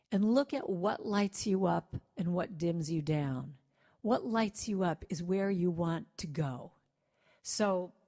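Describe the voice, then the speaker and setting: A woman giving an inspirational talk to a congregation, gentle and conversational, who breaks into lively acted-out quotes. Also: on the low side. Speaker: guest speaker and singer.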